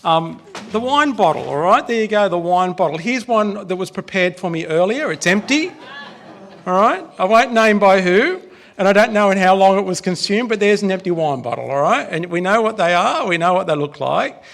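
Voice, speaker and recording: High, gravelly Australian male preacher. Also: expressive, moderate pace, a bit bright. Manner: chatty, joking with the congregation. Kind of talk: casual sermon. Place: church.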